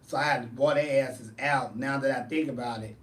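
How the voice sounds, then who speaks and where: A man who performs in drag and hosts shows, chatting casually with viewers and telling lively, profane stories. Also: medium pitch, a little fast, roomy sound, far from the mic. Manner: animated, profane storytelling. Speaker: drag performer and show host. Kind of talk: casual chat answering viewers.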